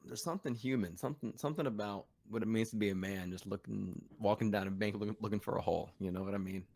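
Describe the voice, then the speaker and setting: Chill low-voiced guy hosting a podcast, laughs thru his stories. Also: quick pace, creaky, a little mellow. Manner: laid-back, laughs while telling stories. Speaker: podcast host. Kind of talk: casual podcast chat.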